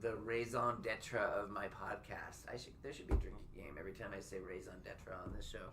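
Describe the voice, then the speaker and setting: A man hosting a podcast in casual chat, rambling and stammering, quick to poke fun at himself. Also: lowish voice, steady tone, background noise. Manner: rambling, stammering, self-deprecating. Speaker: podcast host.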